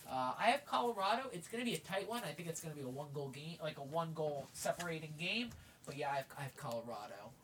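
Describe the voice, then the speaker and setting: A woman's voice: low voice, animated, quick pace. A woman co-hosting a casual sports podcast, reading out fixtures and joking with friends. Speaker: podcast co-host. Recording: mic at a distance, faint hiss.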